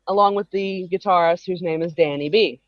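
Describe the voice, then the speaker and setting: Hosting a home live stream, a woman with a lowish voice talks briskly through a long, meandering story full of side comments. The audio is dry, dull, and free of echo.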